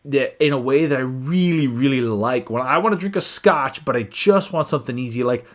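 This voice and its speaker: A man talks casually on a live stream about whiskey, reading viewer comments aloud as he goes. His voice sits in a mid-range pitch, and his speech is loose and chatty, full of restarts and fillers. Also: a little fast. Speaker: whiskey channel host.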